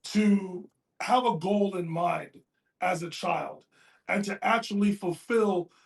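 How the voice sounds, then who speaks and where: A man's voice: high voice, takes it slowly, gravelly. A man co-hosting a casual sports talk show, speaking earnestly and from the heart. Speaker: podcast co-host. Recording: roomy echo.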